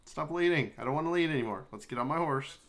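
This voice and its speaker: A man's voice: on the high side, lively intonation, quick pace, a bit bright. A man chatting and joking casually while livestreaming a video game, swearing now and then. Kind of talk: casual gaming chat.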